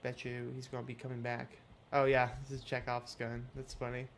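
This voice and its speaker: A man's voice: mid-range voice, monotone, fairly quick. A man streaming a game, chatting casually, laughing often and reading on-screen text aloud. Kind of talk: casual gameplay commentary.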